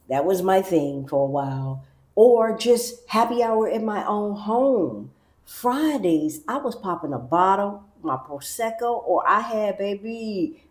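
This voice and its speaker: An American woman vlogger with a lowish voice talks casually to camera, chatty and animated, acting out little quoted asides. The sound is reverberant.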